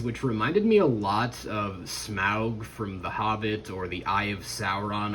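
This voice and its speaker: A man's voice: on the low side, a bit bright, a little hiss or hum, rough recording. Tired man hosting a chatty review vlog. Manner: chatty and rambling. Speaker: host. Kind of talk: casual toy review vlog.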